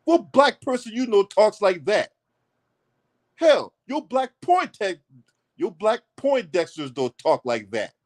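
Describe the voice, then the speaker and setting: A man's voice: high voice, big pitch swings, takes it slowly. A man hosting his own political commentary channel, delivering a blunt, mocking rant full of swearing. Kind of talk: profane heated commentary rant.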